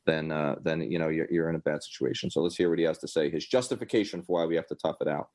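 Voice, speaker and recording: Low-voiced guy on his podcast, opinionated and rambly, sarcastic asides. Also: fast, darkish tone. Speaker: podcast host. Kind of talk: casual political commentary.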